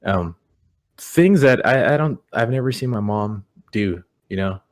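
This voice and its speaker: A young man telling personal stories in a relaxed, rambling way, full of "you know". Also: lowish voice, a little slow. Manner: rambling, repeats words, many "you know"s. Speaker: guest. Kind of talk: casual podcast storytelling. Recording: audio-only podcast.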